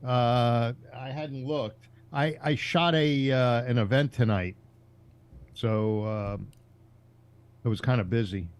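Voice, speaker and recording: A man in casual political chat on a video call, halting and full of fillers, defending his view. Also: lowish voice, darkish tone. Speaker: call-in show panelist.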